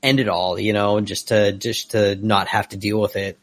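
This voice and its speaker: A man in a casual podcast chat, talking in a rambling way with halting restarts, recorded close to the mic. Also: fairly low pitch, level tone, no echo. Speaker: podcast co-host.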